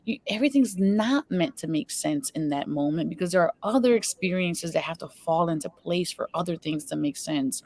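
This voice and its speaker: A woman's voice: on the low side, animated, normal speed, hardly any pauses, a little mellow. A woman hosting an online spiritual talk show, telling a personal story in an earnest, chatty way. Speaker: show host. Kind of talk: spiritual interview chat.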